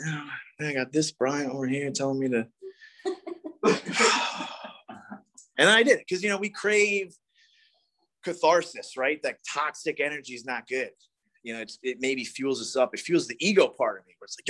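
A man's voice: mid-range voice, moderate pace, a bit bright. A man in his thirties telling a rambling, profane story at a recovery meeting. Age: 30s. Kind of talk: casual storytelling talk.

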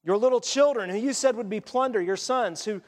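High-voiced preacher in a reverberant hall. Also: male voice. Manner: conversational, animated preaching with quick asides. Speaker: pastor. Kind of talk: sermon.

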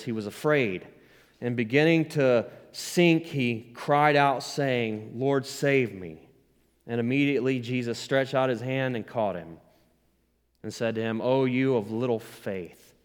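A man pastor preaching a sermon with rising emphasis, asking the congregation to respond. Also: mid-range voice. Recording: long hall reverb.

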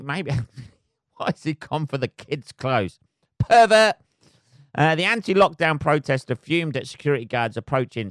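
A man's voice: fairly high pitch, a bit bright, dry recording, clean studio sound. A man hosting a solo podcast, ranting sarcastically with lots of swearing and filler words. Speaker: podcast host. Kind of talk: casual solo podcast rant.

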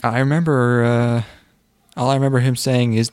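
A man co-hosting a podcast, trading dry, deadpan sarcastic jokes in casual chat. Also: medium pitch, moderate pace, smooth. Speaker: podcast co-host.

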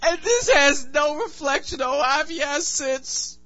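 A man's voice: very high-pitched, lively intonation, measured pace, sharp tone. A man hosting a casual podcast, talking in a loose, joking, profane way. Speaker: podcast host. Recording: muffled recording with music behind.

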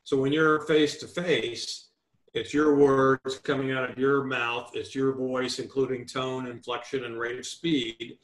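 A man's voice: mid-range voice, flat delivery, unhurried, reverberant. A man giving real estate negotiation advice as a guest in an interview, emphatic and instructive, laying points out like a list. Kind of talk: remote interview.

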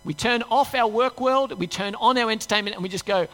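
Male pastor, high bright voice, conversational sermon in a reverberant hall. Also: fairly quick. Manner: conversational, acts out inner voices, rhetorical questions.

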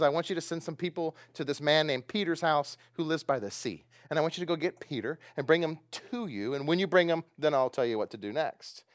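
A pastor with a slightly high voice, recorded at studio quality with no room sound, preaches a casual sermon. He retells a Bible story in an animated, joking way, acting out the quoted lines.

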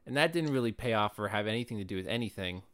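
A co-host in casual chat about a movie, talking fast and opinionated, with many fillers. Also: medium pitch, animated, a bit bright. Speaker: podcast co-host.

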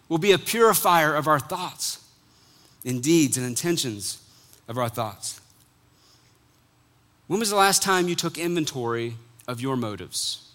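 A middle-aged male pastor preaches with a bright, slightly high voice. He is animated and acts out quotes, then drops suddenly quiet on key words. His tone has a forceful edge. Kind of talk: sermon.

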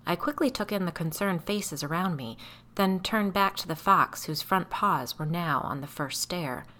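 A woman with a low-pitched voice narrates a first-person story. Her tone is bright and forceful, and her delivery is measured and tense. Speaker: audiobook narrator.

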